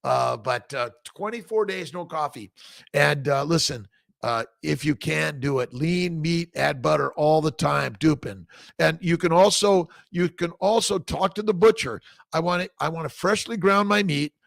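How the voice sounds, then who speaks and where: A middle-aged man hosting a casual live-stream chat as a fertility doctor, excitable and repetitive, swearing now and then and tagging lines with "right?". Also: on the high side, moderate pace, creaky, dry recording. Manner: excitable, repetitive, salty language, frequent "right?".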